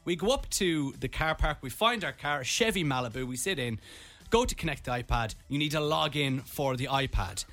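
Animated Irish man telling a story. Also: on the high side, brisk. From Ireland. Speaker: radio host. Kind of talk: storytelling on a radio show.

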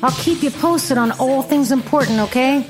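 A woman's voice: sits high, moderate pace, faint music behind. A middle-aged woman hosting a podcast, telling a story in a blunt, sarcastic, profane rant. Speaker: podcast host.

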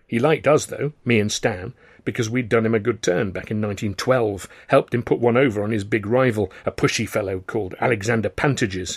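A man's voice: fairly low pitch, husky. A man reading his own novel aloud as first-person narrator, in a wry storytelling manner. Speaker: author and narrator.

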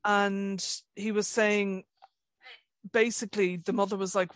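A woman's voice: medium pitch, measured pace, no room sound. A young woman with an Irish accent talks in a loose, rambling way, full of fillers and restarts. Her voice sits mid-range. The sound is dry and close, with no room around it. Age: young adult. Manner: animated, rambling storytelling with many fillers. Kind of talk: casual chat.

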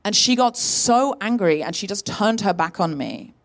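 A woman hosts a live comedy podcast from a stage before an audience. She tells a long personal story in an animated way, acting out the voices of the people in it. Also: mid-range voice, normal speed. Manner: lively, animated storyteller who acts out quoted people. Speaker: podcast host.

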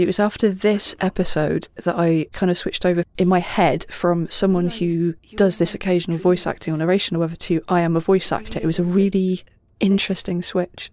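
A Welsh-accented woman and voice actor, chatting and reminiscing in an animated way. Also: on the low side. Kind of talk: casual reminiscing chat.

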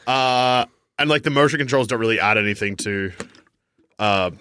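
Jasny, suchy głos mężczyzny prowadzącego podcast. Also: male voice, mid-range voice, normal speed, pushed and bright, clean tone, no room sound. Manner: dry joking, explains game details. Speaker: podcast co-host. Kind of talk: casual chat.

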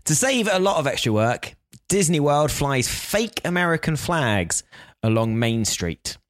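A man's voice: a little high, big pitch swings, unhurried, dry recording. A young man co-hosting a podcast, explaining facts steadily with dry humour. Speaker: podcast co-host. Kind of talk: casual chat.

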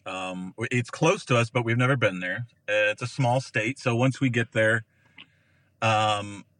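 A man's voice: mid-range voice, unhurried, fairly bright tone, dry recording, rough recording. An American man from Ohio, a podcast guest, telling a story casually and acting out the people in it with big jumps in his voice. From Ohio, USA.

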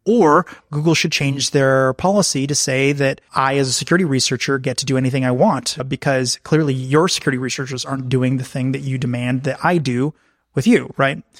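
A frank man telling stories as a podcast guest, slipping into the voices of the people he quotes. His pitch sits mid-range, and the sound is dry and close, with no room around it. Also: a little fast, dry recording. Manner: frank, anecdotal, acts out quoted exchanges. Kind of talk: candid conversational storytelling.

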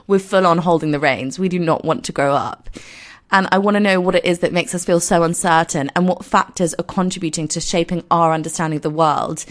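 A woman in her twenties with a croaky voice, hosting her podcast in a chatty, self-deprecating, rambling way. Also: low-pitched. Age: 20s. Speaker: podcast host. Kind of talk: casual solo podcast intro.

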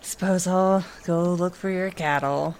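A woman's voice: on the low side, steady tone, measured pace, darkish tone, slight background noise. A woman player in a tabletop role-play, asking blunt questions in character.

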